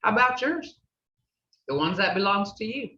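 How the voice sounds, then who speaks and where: A woman's voice: mid-range voice, lively intonation, moderate pace, bright, forceful tone. An older woman with an Oklahoma accent, a language teacher chatting through a class, laughing often and acting out sounds. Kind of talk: casual class talk. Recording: distant, dull, roomy sound.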